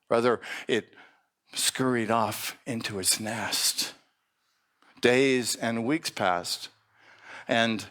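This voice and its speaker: A man giving a storytelling sermon at a church service, unhurried, with pauses and restarts. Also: mid-range voice, fairly bright tone.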